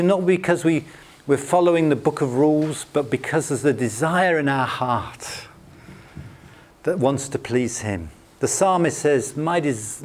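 A British man preaching a sermon in a conversational, anecdotal way with self-deprecating humor. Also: mid-range voice. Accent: British English. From Britain.

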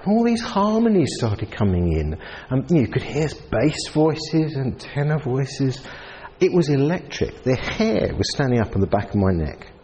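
A male preacher whose pitch swings widely as he tells stories and voices the people in them. His sermon echoes with a long hall reverb, and a faint room ambience sits underneath. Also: moderate pace, slight background noise. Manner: lively storytelling with voiced characters. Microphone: handheld mic.

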